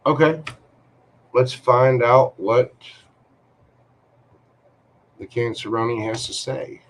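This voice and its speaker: A man giving a live-streamed tarot reading, talking to the viewer in a chatty, reassuring way. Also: medium pitch. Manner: slow, chatty, reassuring, talks to viewer directly. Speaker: tarot reader.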